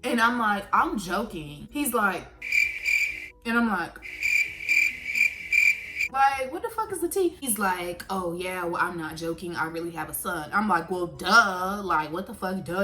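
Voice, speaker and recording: A young woman telling a casual storytime to her camera. She talks in a lively, animated way, quick to curse and swinging from laughter to outrage. Faint music sits under her voice. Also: fairly low pitch. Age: young adult. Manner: animated, swears freely, jumps from laughs to outrage. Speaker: vlogger.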